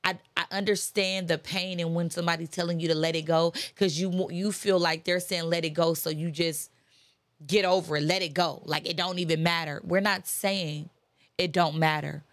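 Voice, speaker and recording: A woman's voice: fairly low pitch, fairly even intonation, normal speed, no room sound. A woman giving an impassioned motivational talk, repeating phrases in a preacher-like, conversational way with casual slang. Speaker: motivational speaker.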